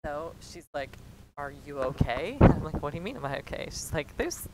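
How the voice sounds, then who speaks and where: A woman's voice: very animated, normal speed. A young woman telling a rambling, profane story in a casual vlog and acting out the quoted lines. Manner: rambling, heavy swearing, acts out quotes. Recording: clear low rumbling noise behind.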